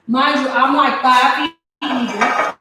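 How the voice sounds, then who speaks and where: A woman's voice: sits high, fairly even intonation, slow, very noisy. A young woman, a hairstylist, telling a long story in a casual vlog at home, rambling with many restarts and a lot of "like". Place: home, cooking while talking. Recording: very echoey room.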